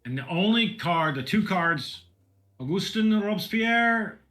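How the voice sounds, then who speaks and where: A man in a casual co-op board game playthrough, talking in halting restarts and playing along with jokes. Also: high-pitched, lively intonation, a bit bright.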